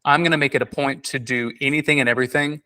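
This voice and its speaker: A fast-talking man on a casual podcast recounts a personal story with animation, his mid-range voice bright and forceful. He trips up, restarts and leans heavily on filler words throughout.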